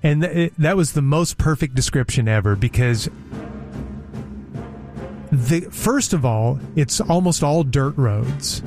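Casual raconteur, male, slightly higher voice, rambling chatty delivery with faint music underneath. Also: animated, measured pace. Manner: chatty, repeats words, mimics people he quotes. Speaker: talk show storyteller. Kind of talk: casual anecdote telling.

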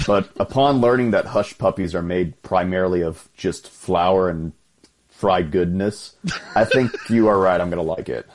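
A Texan man in his 30s calls in to a show and tells stories in an easygoing way, chuckling as he goes. His voice sits low and he speaks at a normal speed.

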